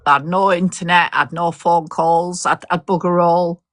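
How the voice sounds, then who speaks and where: A woman's voice: fairly low pitch, steady tone, moderate pace, fairly bright tone, dry recording. An older woman, telling a long story in casual chat, swearing mildly and laughing often. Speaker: host.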